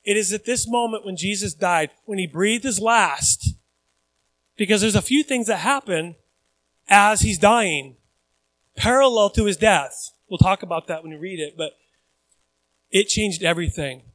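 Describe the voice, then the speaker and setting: High-voiced man preaching conversationally. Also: measured pace, pauses often, poor audio. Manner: animated, conversational preaching with acted-out quotes. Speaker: pastor. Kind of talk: sermon.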